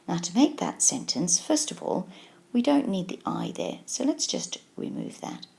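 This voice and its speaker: A woman teaching a language video tutorial, explaining slowly and patiently and encouraging the learner. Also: lowish voice, huge pitch swings, creaky, warm tone. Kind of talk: scripted video tutorial lesson.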